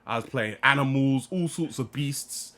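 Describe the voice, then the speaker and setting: A man chatting as a guest, spinning animated stories in street slang. His voice sits at an ordinary middle pitch, and he breaks into laughter easily. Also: moderate pace. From United Kingdom. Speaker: guest, voice actor. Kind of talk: casual chat.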